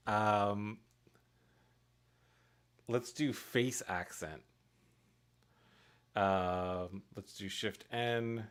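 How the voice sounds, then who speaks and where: A man's voice: lowish voice, very slow, long pauses, smooth. A man casually narrating his work on a live stream, thinking aloud and chuckling at his own mistakes. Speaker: streamer making pixel art for a game.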